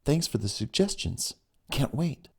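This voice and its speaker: A man's voice: mid-range voice, sing-song, unhurried, darkish tone, breathy edge, voice pushed up, full character voice. A man voicing a chatty, eager young woman on a phone date in an audiobook. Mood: excited. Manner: bubbly, chatty. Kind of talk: audiobook reading.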